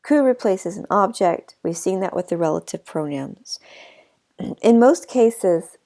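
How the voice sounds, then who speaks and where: A woman teacher explaining French grammar in a relaxed recorded lesson, with fillers, asides and a slight cough. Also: mid-range voice, unhurried. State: a bit of a cough.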